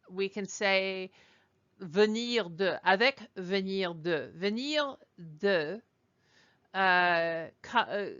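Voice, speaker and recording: A woman teaching a language lesson over slides, explaining slowly and digressing as she goes. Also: medium pitch, sharp tone, clear, resonant tone, highs cut off. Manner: explanatory, digressive, with fillers and restarts. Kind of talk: recorded lecture over slides.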